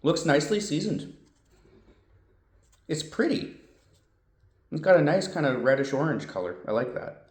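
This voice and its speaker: A man's voice: fairly high pitch, big pitch swings, normal speed, long pauses, darkish tone, reverberant. A man reviewing snacks and drinks in a casual vlog, chatty and thinking aloud, often correcting himself. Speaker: food reviewer.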